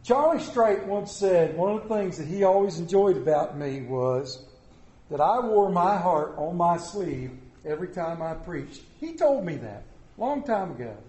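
A man's voice: sits high, lively intonation, measured pace, mellow. A middle-aged man preaching a sermon as pastor, a folksy, joking storyteller. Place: church sanctuary. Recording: roomy church echo.

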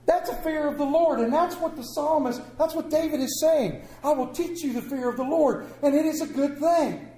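A man's voice: very high-pitched, normal speed, hardly any pauses, dark tone. A man preaching a sermon, telling folksy, exaggerated stories in a church. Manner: folksy storytelling with comic exaggeration. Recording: echoey room.

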